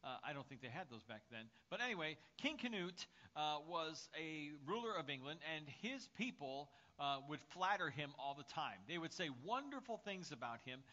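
Bright, lively pastor with a summer cold. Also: male voice, a little high, normal speed, few pauses, lo-fi sound. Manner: storytelling with frequent fillers and restarts. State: has a summer cold, coughing. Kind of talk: sermon. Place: church.

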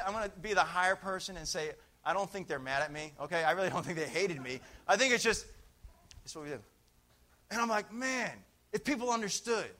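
A middle-aged man preaching a sermon, telling stories with lively energy and now and then shouting out a phrase. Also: high-pitched. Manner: animated storytelling, shouting out phrases.

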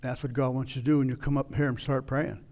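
A man preaching a sermon, retelling a scripture story and acting out its scenes with sudden loud outbursts. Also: mid-range voice, little pitch movement, fast talker. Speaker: pastor.

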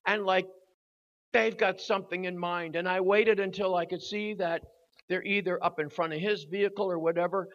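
Older man, preacher, high voice, bright tone, dull lo-fi recording, animated storytelling. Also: moderate pace. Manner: animated storyteller, voice rising to shouts at the climax. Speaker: guest preacher. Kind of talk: storytelling sermon. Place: church hall at a youth service.

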